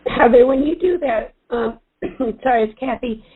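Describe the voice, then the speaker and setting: A woman's voice: a little high, unhurried, husky. A woman asking a question on a team call, hesitant and thinking aloud. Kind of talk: casual call chat. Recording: phone-line call audio.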